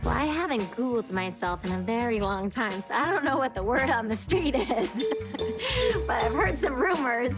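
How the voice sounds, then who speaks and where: A woman's voice: fairly high pitch, animated, normal speed, few pauses, loud music behind the voice. A woman in her forties speaking earnestly and reflectively in a confessional interview for a reality show. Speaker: reality show cast member.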